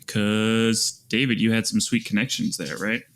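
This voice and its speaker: A man's voice: on the low side, steady tone, moderate pace, a bit bright. A man co-hosting a podcast in casual chat, laid-back and rambling, with slang. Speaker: podcast co-host.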